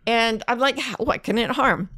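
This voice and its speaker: A woman's voice: a little high, normal speed, no echo, studio quality. A woman co-hosting a podcast, telling anecdotes in casual chat and acting out the quotes. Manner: animated storyteller, acts out quotes. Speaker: podcast co-host.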